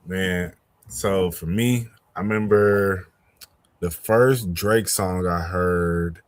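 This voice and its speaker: A young man hosting a podcast in casual chat, laid-back and drawn-out with many fillers. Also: low voice.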